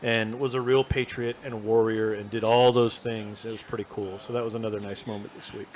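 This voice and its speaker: A man's voice: fairly low pitch, flat delivery, a little fast, slight background noise. A man co-hosting a casual show, chatting and joking with the audience while playing a golf video game. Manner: chatty, jokey, talks to the audience. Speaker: podcast co-host.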